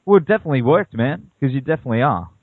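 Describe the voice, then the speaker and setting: A man's voice: mid-range voice, animated, racing, dry recording. An Australian man hosting a radio interview, keen and fan-like, often calling his guest man. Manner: enthusiastic, fan-like, says man a lot. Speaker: radio show host. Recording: tinny dry lo-fi sound.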